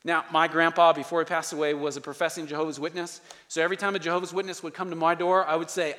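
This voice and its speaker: A man with a fairly high voice preaches a sermon in a church sanctuary. He talks in a conversational but emphatic way, stacking short repeated phrases for stress. His voice carries with the long reverb of a large hall. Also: flat delivery, quick pace, hardly any pauses, pushed and bright. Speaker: pastor.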